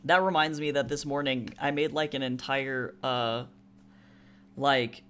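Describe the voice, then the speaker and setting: A streamer and artist chatting casually on a live stream while drawing, rambling with many fillers and asides, reading chat aloud and jumping to higher, louder bursts when joking. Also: fairly even intonation, measured pace, smooth.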